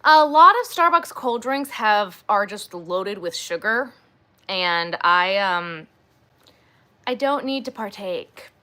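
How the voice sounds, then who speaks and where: A woman with a bright, clear voice hosts a casual crochet livestream. She rambles from topic to topic, filling her talk with "like" and "um" and gushing over things she enjoys. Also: mid-range voice, expressive, slow. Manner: rambling, chatty, gushing, says "like" and "um" often.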